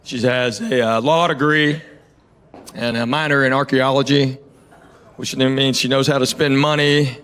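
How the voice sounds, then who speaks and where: A middle-aged man with a Southern US accent doing a stand-up comedy set with dry, deadpan storytelling, recorded live on stage. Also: mid-range voice, unhurried, smooth. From Tennessee. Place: comedy stage before an audience. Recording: live show with loud crowd laughter.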